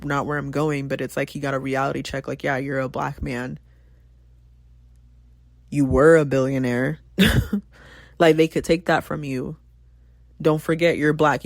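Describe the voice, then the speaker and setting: A mid-pitched podcast host talks things through in a loose, impassioned ramble, swearing freely and breaking into laughs. The sound is dry and close. Fillers and restarts carry the thinking-aloud flow. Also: dry recording. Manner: passionate, rambling, frequent profanity. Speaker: teacher. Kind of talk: casual podcast talk.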